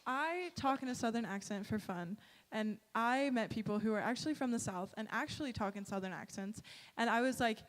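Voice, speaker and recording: Brief: giggly, bubbly woman, fairly high voice, casual slideshow chat in an echoing church. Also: a little fast, hardly any pauses. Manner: bubbly, giggly, uses "like" and "literally". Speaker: mission trip presenter. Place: church sanctuary. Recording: reverberant church hall.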